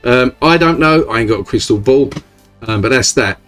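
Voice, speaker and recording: A man's voice: medium pitch, expressive, normal speed, fairly bright tone, faint music behind. A man giving casual screen-share commentary for his crypto channel, rambling along with lots of fillers and tag questions. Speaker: crypto YouTuber.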